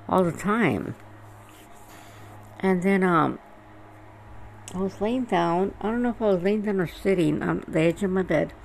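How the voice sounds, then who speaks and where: A gravelly-voiced woman rambles through a story, agitated and swearing freely. Her pitch swings widely as she talks, over faint background noise. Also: poor audio. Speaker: vlogger telling a personal story. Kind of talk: casual storytelling.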